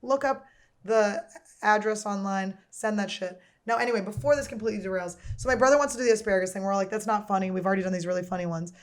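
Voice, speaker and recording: A woman's voice: mid-range voice, quick pace. A woman in her thirties hosting a comedy podcast, telling rambling stories in casual chat, crude and joking. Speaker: podcast host.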